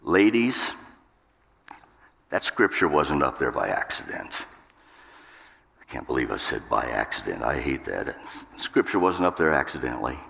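In the sanctuary, this preacher addresses the congregation with emphasis and humor, jumping higher in pitch to act out outbursts. His gravelly, slightly bright voice is very animated at a normal speed, with frequent pauses and a long reverb from the hall.

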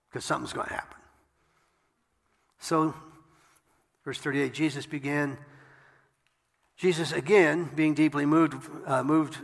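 A man's voice: a little high, fairly bright tone, big-room sound. A man preaching a sermon, reading scripture aloud and breaking in with wry asides. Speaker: pastor.

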